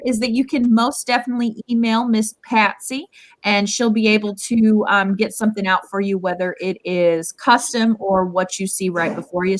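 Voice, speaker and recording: A woman's voice: mid-range voice, a bit bright, dry recording. A woman hosting a livestream over a video call, chatty and upbeat with many fillers. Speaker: host.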